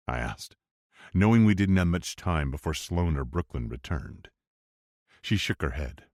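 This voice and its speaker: Man, very deep voice, lively melody, first-person romance narration, dry close recording. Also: unhurried, no echo. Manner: expressive storytelling, wide swings for dialogue. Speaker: audiobook narrator.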